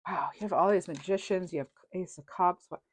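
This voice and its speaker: Lowish chatty woman reading tarot cards, dry close sound, lots of um and you know. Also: brisk, husky, no room sound. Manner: chatty, reassuring, rambling with fillers. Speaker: tarot reader. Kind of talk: casual tarot reading to camera.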